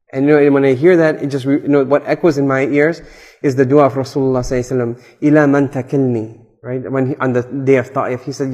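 A man's voice: a little high, steady tone, quick pace, darkish tone. A man gives a conversational religious lecture, mixing Arabic terms into his English and checking in with "right?". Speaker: Islamic speaker. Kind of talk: religious lecture explaining a supplication. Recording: hall reverb.

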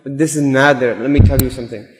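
Male preacher, chatty delivery with acted-out quotes, mid pitch, reverberant hall. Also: steady tone, fast talker, a little hiss or hum. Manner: conversational, acts out quoted voices. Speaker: imam giving a talk. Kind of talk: sermon with anecdotes. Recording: echoey hall.

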